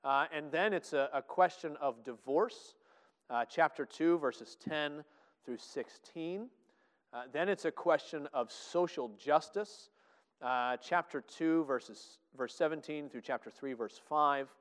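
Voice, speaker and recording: A man preaching a Bible teaching, excitable, with many filler "uh"s and restarts. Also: on the high side, unhurried. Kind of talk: sermon-style Bible teaching. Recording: long echoey hall reverb.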